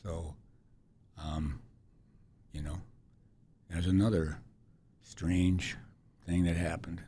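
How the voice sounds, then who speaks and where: A man in his sixties, a podcast guest telling a personal story in a halting, reflective way with many restarts. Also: low voice, little pitch movement, warm tone, husky. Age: 60s.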